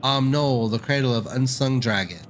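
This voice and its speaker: A man's voice: medium pitch, moderate pace, a little hiss or hum, lightly acted. A man voicing an ancient, brooding, fatalistic dragon, reading game dialogue aloud in solemn, archaic speech.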